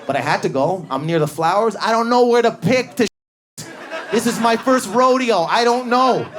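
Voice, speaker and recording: A man performing stand-up comedy in a club, telling stories in an animated way and acting out his family members. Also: very high-pitched, normal speed. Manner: animated storytelling, acts out family members, grows loud and excited.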